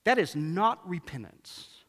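A male pastor preaches with animated emphasis, repeating key lines and asking the room rhetorical questions. His voice sits high for a man. It carries the long reverb of a large hall. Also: slow. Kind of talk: sermon.

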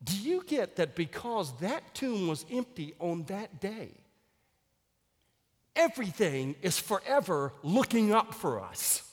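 Lively, high-voiced pastor preaching. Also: male voice, slow. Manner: storytelling, wry humor rising to loud exclamations. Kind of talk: sermon. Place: church sanctuary. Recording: long hall reverb.

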